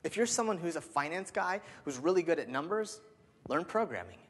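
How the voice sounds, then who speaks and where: A man in his thirties giving an energetic keynote speech, with lots of "um" and "like" fillers. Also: fairly high pitch, brisk, breathy edge. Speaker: keynote speaker. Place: large hall. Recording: long hall reverb.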